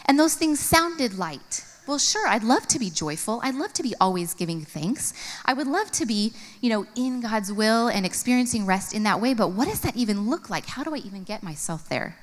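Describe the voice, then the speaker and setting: A woman in her thirties speaking at a conference, telling an earnest personal story and reading from her journal. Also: normal speed. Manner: earnest, storytelling, expressive swings in pitch. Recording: long hall reverb.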